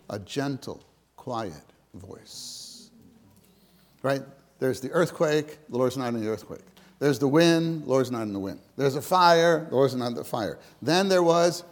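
Preaching informally to other believers, this man repeats himself in a conversational style. His medium-pitched voice rises to loud emphasis at some moments and drops almost to a whisper at others.

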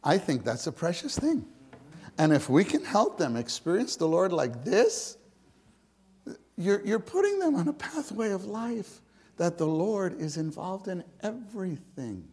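Slow-speaking man, hushed and emphatic. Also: high-pitched, very animated, slightly rough. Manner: swings from loud emphasis to hushed near-whispers; repetitive, conversational, with restarts. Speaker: church speaker. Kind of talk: informal sermon to fellow believers.

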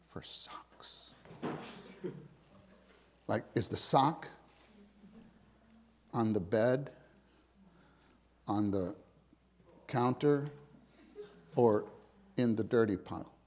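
Slow-speaking man, hushed and emphatic. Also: mid-range voice, expressive, slight background noise. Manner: swings from loud emphasis to hushed near-whispers; repetitive, conversational, with restarts. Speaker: church speaker. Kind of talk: informal sermon to fellow believers.

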